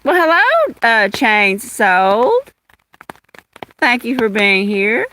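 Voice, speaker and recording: Southern woman from Louisiana, casual livestream host, slow and bright, phone in hand outdoors. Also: a little high, big pitch swings, a little hiss or hum, rough recording. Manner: chatty, greets viewers by name. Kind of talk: casual live chat with viewers. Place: outdoors in the rain under an umbrella. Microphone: phone held in hand.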